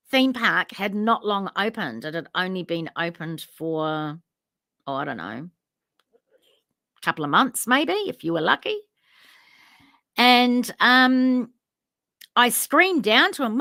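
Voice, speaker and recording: A woman's voice: fairly high pitch, very animated, moderate pace, sharp tone, dry recording, clean studio sound. A woman, co-hosting a casual chat and telling a story, acting out both sides of remembered conversations. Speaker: podcast co-host.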